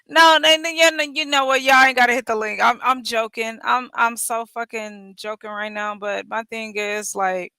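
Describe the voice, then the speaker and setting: A woman's voice: fairly high pitch, steady tone, moderate pace, hardly any pauses, bright, forceful tone, smooth, no room sound. A woman hosting a casual livestream, talking bluntly and jokingly with her chat, teasing and swearing freely. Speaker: livestream host.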